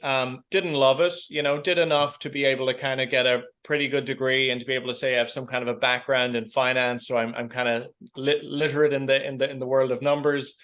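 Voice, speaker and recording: An Irish man in his thirties talks through his answers in a relaxed podcast interview. He is hesitant, often restarting and repeating words as he gathers his thoughts, and his pitch sits right in the middle. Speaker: podcast guest. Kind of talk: casual interview chat.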